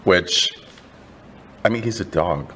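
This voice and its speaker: A man's voice: low voice, slow pace, a bit bright, slight background noise. A man co-hosting a casual entertainment news chat, snarky and blunt. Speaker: co-host.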